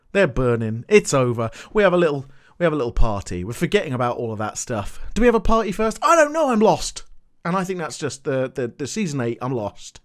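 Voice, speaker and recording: An exasperated TV reviewer tears into a show with a sarcastic, swear-laden rant. The voice sits in the middle register but leaps high in outbursts, then drops to low grumbling mutters. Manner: swings between loud outbursts and muttering. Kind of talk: ranting recap commentary.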